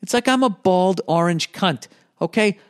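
A man's voice: high voice, animated, normal speed, clear, resonant tone. A male comedian telling a story as a profane, exasperated, rambling casual rant. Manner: rambling with restarts.

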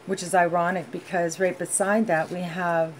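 A woman giving a casual, heartfelt tarot reading, talking gently with many ums and you-knows. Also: lowish voice, little pitch movement, normal speed, slight background noise, poor audio. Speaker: tarot reader.

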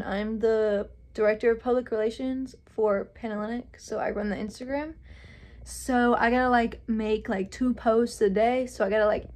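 A woman's voice: a little high, a little mellow. A young college woman vlogging about her busy day, chatty and upbeat, often saying "like.". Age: young adult. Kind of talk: casual vlog chat.

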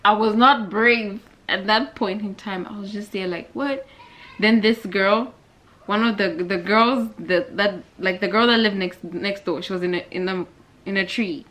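A woman's voice: mid-range voice, unhurried. Chatty young woman. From Zambia. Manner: animated, chatty, addresses viewers directly. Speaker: vlogger. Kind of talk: casual storytime vlog.

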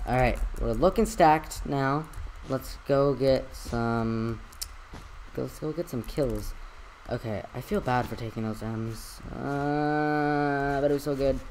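A gamer giving excitable solo gameplay commentary with a strained voice, yelping and trash-talking opponents. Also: mid-range voice, slow pace, slight background noise, low-quality recording. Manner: excitable, yelps and trash-talks.

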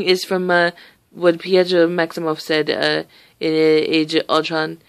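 A teenage girl lying on her bed indoors talks casually to her camera, with a gravelly, fry-laden edge to her voice. She rambles freely and swears offhandedly, in an easy chatty way. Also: on the low side, slow, no echo. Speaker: vlogger. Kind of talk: casual chat.

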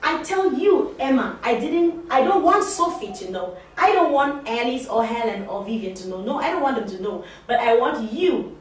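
A woman's voice: high voice, lively intonation, normal speed. A woman teaching a class of assistants, talking conversationally, repeating her points and questioning the class. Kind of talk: interactive classroom talk. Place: classroom or training room. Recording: very echoey room, distant mic, faint noise.

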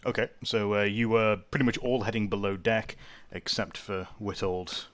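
A man's voice: lowish voice, moderate pace. A young man as game master, narrating with lots of fillers and laughing with players. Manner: relaxed, laughing, hesitant fillers while narrating. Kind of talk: running a tabletop game.

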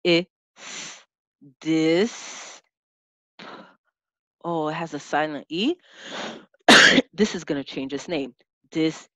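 A woman teaching a lesson, sounding out letters and syllables slowly and clearly as an instructor. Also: low voice, sharp tone, no echo. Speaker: teacher and test-prep instructor.

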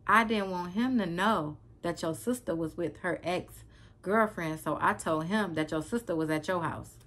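Woman doing her annoyed middle-aged mom, higher voice, quick, defensive. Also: a bit bright. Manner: defensive, brushing off questions. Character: exasperated middle-aged mother, dismissive.

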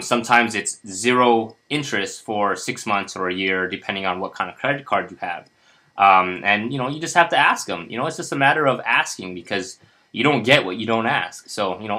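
A man with a lowish, bright, forceful voice explains a budgeting spreadsheet in a loose, chatty way. He talks with an upbeat, encouraging tone and stumbles through lots of fillers and restarts. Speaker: personal finance instructor. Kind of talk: casual screen-share tutorial.

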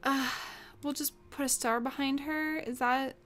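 A woman's voice: high-pitched, fairly even intonation, unhurried, a bit bright, faint music behind. A young woman casually commenting on her own gameplay as a let's play host, often gasping and exclaiming.

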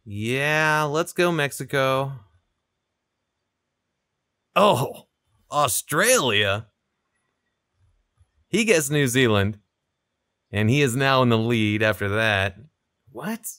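A young man giving casual, chatty commentary over his own gameplay, relaxed and laughing often. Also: medium pitch, measured pace, no echo, studio quality. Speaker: gaming video creator.

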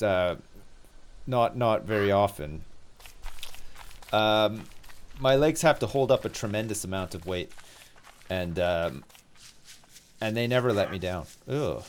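A man's voice: lowish voice, lively intonation, measured pace, pauses often. A man streaming a survival game live, chatting to his viewers in a joking, self-mocking way and swearing freely. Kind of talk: live gameplay chat.

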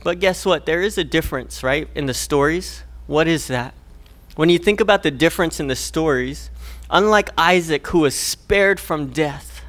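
A man's voice: a little high, normal speed, fairly bright tone. A young man preaching a sermon to a church, earnest and conversational, often checking in with the listeners. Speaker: guest preacher.

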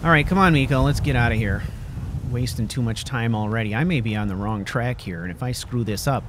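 A man's voice: medium pitch, brisk, background noise. A man role-playing a character in a video game, chatting in a jokey way and talking to his companion dog. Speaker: role-play gamer.

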